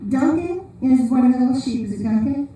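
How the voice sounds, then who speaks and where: Woman speaker, dark mellow voice, slightly high pitch, rambling humorous sermon, echoey distant hall. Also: expressive, a little fast. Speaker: conference speaker. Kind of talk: informal sermon talk. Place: large church hall.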